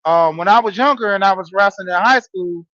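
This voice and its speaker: A man in his forties with a high voice talks straight to his listeners, telling a story in a loose, casual monologue full of "you know"s. The sound is dry and a little dull, with no room around it. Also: brisk, sharp tone, no echo. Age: 40s. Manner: storytelling, talking straight to listeners with frequent fillers. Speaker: podcast host and wrestling coach. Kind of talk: casual monologue, greeting live chat.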